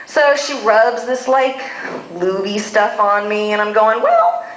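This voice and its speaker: A woman telling a bawdy story live on stage, expressive and laughing often, captured on a phone in an echoey room. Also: mid-range voice, unhurried, a little hiss or hum. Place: live venue with audience. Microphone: phone recording.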